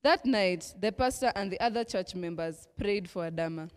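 A young Kenyan woman presenting a church teens' lesson, praying and reading a mission story aloud at a measured pace. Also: mid-range voice, clear, resonant tone. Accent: Kenyan English. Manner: measured, prayerful delivery. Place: church hall. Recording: echoey hall reverb.

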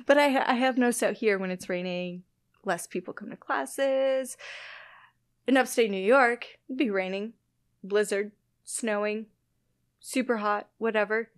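Here a Midwestern woman from the Illinois-Wisconsin border chats casually as a guest scientist, laughing a lot and poking fun at herself. She has a medium-pitched, clear, resonant voice, speaks a little slowly, and the recording is dry.

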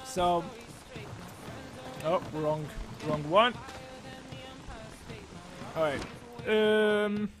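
A man commentating his own gameplay on a live stream, thinking aloud with lots of fillers and breaking into loud, excited shouts. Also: high voice, very slow, long pauses, faint music behind. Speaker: game streamer.

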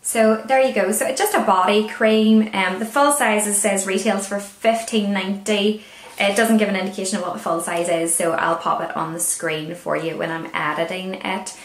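Here a Northern Irish woman reviews beauty products conversationally, slipping in dry remarks as she goes. Her pitch is medium and her intonation fairly even at a moderate pace, all captured with noticeable room echo.

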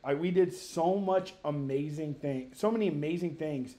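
A man in his thirties telling a story to a friend on a podcast, animated and profane, rambling with many restarts. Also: fairly high pitch, moderate pace. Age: 30s. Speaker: podcast co-host. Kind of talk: casual storytelling among friends.

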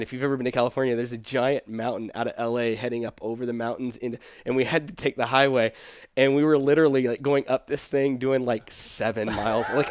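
Animated man acting out his story. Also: mid-range voice, dry recording, clean studio sound. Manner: animated storyteller acting out dialogue, laughing often. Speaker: pastor telling his story. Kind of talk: casual storytelling conversation.

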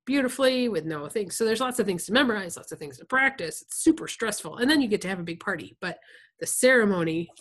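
A woman's voice: medium pitch, animated, fast, a bit bright. Woman reading a novel aloud. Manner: chatty, explains things to listeners in plain words. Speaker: reader.

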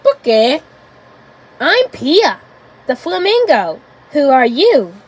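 A woman voicing a cheerful, friendly young female flamingo in a storybook tale, talking eagerly and slowly. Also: high voice, very animated, full character voice, low-quality recording.

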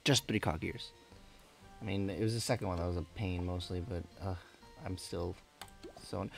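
A man's voice: low voice, moderate pace, creaky, long pauses, faint music behind. A man giving casual, rambling commentary while he plays a game, often correcting himself and laughing at his own slips. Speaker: let's play gamer.

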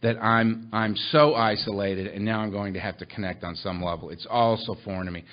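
At a recovery meeting, a man tells humorous stories about himself, mocking himself and animatedly acting out the people he quotes. His voice is fairly low and a little fast, captured in a muffled lo-fi recording.

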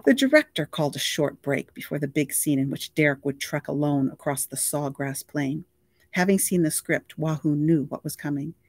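An audiobook reader narrating a novel in a steady, even storytelling voice. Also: medium pitch, normal speed, no room sound, studio quality.

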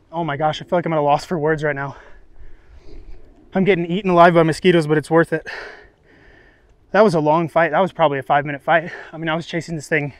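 A man's voice: on the high side, no echo. A young man vlogging his fishing outdoors on a riverbank, breathless and exclaiming in disbelief. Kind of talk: excited outdoor vlog commentary.

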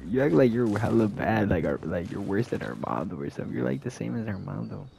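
Gravelly young guy, noisy voice chat. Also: fairly low pitch, big pitch swings, quick pace, dark tone. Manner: slangy, boastful, rambling storytelling. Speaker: gamer. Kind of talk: casual chat while gaming.

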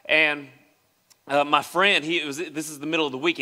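A young man from West Tennessee, preaching as a pastor and telling a personal story in an animated way, acting out the voices of the people in it. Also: on the high side, normal speed. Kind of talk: sermon storytelling. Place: church sanctuary. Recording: long reverb of a church hall.

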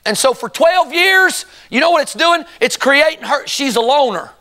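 High-pitched preacher giving a sermon. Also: male voice, lively intonation, normal speed, few pauses, pushed and bright. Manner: asks the congregation rhetorical questions and calls for responses. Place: church sanctuary before a congregation.

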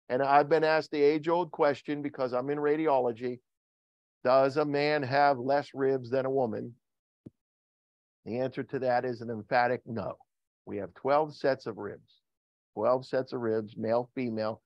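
A man's voice: normal speed, dry recording, muffled recording. A man preaching a sermon as pastor, joking and asking the congregation questions. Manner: joking, asks the congregation questions, lively swings in pitch. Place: church. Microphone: video call recording.

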